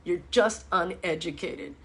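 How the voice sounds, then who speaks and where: A woman's voice: lowish voice, a little slow, slightly rough. Blunt, swearing woman ranting. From Miami, USA. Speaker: fitness host. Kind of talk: live-stream ask-me-anything chat.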